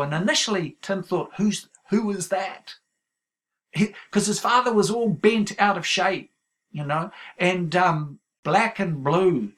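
A man's voice: a little high, fairly bright tone. A man preaching a sermon, telling a story in a loose, conversational way with plenty of fillers.

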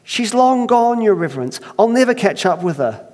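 A man's voice: high-pitched, sing-song, normal speed, a little mellow, pitched above the performer's own voice. A pastor playing a hapless, grumbling first man in a put-on Irish accent, bellowing demands and then turning meek, in an echoey hall.

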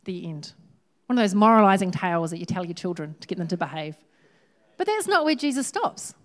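A woman who preaches a sermon in a lively, humorous, conversational way. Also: lowish voice, a little fast.

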